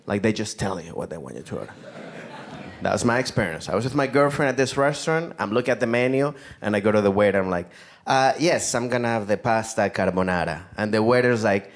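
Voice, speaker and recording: A man's voice: on the low side, animated, fast talker. A man from Venezuela with a Venezuelan Spanish accent, doing a laid-back stand-up set and laughing at his own jokes. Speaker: stand-up comedian. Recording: live stand-up with background noise.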